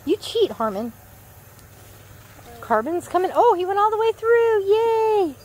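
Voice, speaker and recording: A woman outdoors talking to puppies in a high, sing-song baby-talk voice. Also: big pitch swings, a little slow, a little mellow. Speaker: dog owner filming puppies. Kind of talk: casual chat to puppies. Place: outdoors in a yard.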